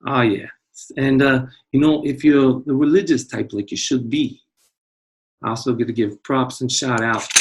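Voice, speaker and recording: A man's voice: mid-range voice, slight background noise. Man doing jokey math-teacher patter. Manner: jokey, playful put-on tough-guy patter. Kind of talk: comedic video lesson intro.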